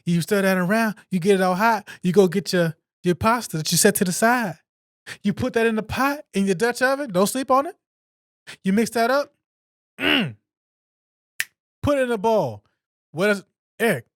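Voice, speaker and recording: A man hosting a casual solo podcast, chatting in a jokey, animated way and answering his own questions. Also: high-pitched, normal speed, pauses often, no echo, clean studio sound. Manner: animated, jokey, talks to himself. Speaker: podcast host.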